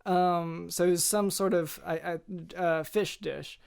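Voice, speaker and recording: A man hosting a podcast, telling a deadpan comic story in a halting, hesitant way with many restarts. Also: high-pitched, vocal fry, clean tone. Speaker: podcast host.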